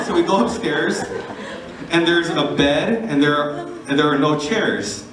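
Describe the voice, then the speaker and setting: A young man telling a funny personal story, animated and laughing as he acts out the people in it. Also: fairly high pitch, measured pace, a crowd in the background. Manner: animated, giggly, voices the people in his story. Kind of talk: casual storytelling to camera. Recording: echoey, distant, noisy phone recording.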